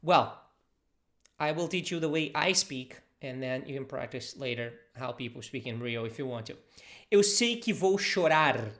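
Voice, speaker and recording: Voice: medium pitch, expressive, normal speed, a bit bright. A language teacher from southern Brazil, a native Portuguese speaker with a Brazilian accent, giving a casual lesson, patiently explaining and repeating phrases.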